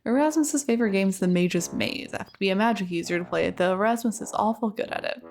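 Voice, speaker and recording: A woman's voice: mid-range voice, fast talker, darkish tone, a little hiss or hum, natural voice. A woman doing a rambling old hermit man. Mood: cheery rambling. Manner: rambling, folksy dialect grammar. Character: chatty old male cave hermit.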